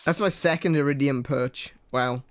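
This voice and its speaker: A man's voice: medium pitch, moderate pace, faint music behind. A young man chatting casually and joking as he plays a farming game with a guest, laughing often and thinking aloud. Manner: joking, chuckly, thinks aloud while playing. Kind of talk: casual gameplay chat.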